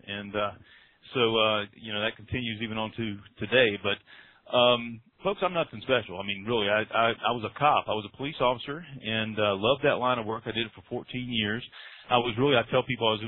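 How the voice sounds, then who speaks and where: A man from North Carolina with a Southern accent, telling his story as a client guest on a conference call in an earnest, self-deprecating way. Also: medium pitch. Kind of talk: testimonial talk on a conference call. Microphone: phone call. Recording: dry phone-line audio.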